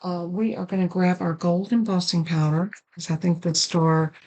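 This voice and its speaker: A middle-aged woman with a cough chats casually while demonstrating card making step by step. Her voice is lowish and warm with a flat delivery at a moderate pace; she coughs and sneezes and apologizes for the coughing. The recording is rough.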